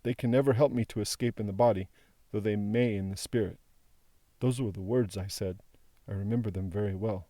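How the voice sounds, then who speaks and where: A man reading the part of a frail old former prisoner, who speaks slowly, haltingly and mournfully. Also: lowish voice, steady tone, warm tone, no echo, natural voice. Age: older.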